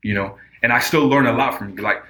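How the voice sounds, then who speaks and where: A man from Africa hosting a podcast, talking in an animated, sing-song way as he welcomes people. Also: mid-range voice, fast talker. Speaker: podcast host. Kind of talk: casual podcast chat.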